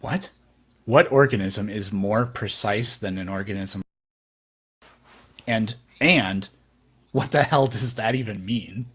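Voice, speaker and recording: A man hosting a debate, calmly and persistently pressing his questions. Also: lowish voice, slow, long pauses, husky. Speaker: host, street debater.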